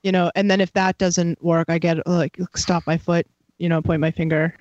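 A woman's voice: lowish voice, little pitch movement, moderate pace, a little mellow, no echo. A woman who teaches psychic students, talking in a chatty, rambling way with many fillers. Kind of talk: casual conversation. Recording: dry, slightly dull sound.

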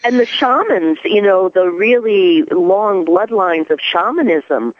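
A woman's voice: mid-range voice, animated, slow pace, no room sound. Woman, New York accent, reflective, rhetorical questions, phone-thin sound, dry. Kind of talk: casual chat. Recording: tinny phone-like line.

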